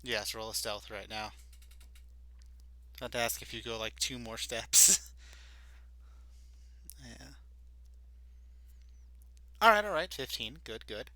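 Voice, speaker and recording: A man's voice: fairly low pitch, level tone, slow pace, long pauses, sharp tone, dry recording. A man running a tabletop game as dungeon master, narrating casually and laughing often.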